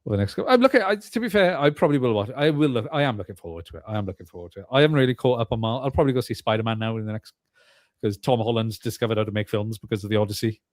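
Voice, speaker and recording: A man's voice: on the low side, animated, racing, no echo, studio quality. Hesitant British man hosting a podcast. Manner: hesitant, lots of fillers and restarts. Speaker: podcast host. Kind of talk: casual chat.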